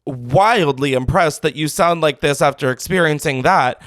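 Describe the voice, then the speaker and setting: A man's voice: a little high, moderate pace, a bit bright, dry recording, studio quality. A man hosting a call-in show, reacting to callers in a dramatic, campy way. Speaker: podcast host taking calls. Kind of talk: casual call-in chat.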